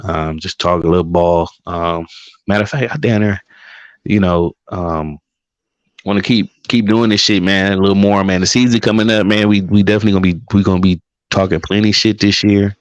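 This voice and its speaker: A man with a fairly low voice swaps football talk and stories with friends, swearing freely and getting loud and animated as he tells them. The sound is dry and close, with no room around it. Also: brisk, dry recording. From Milwaukee, Wisconsin. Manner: profane, animated storytelling. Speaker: podcast host. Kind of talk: casual sports chat.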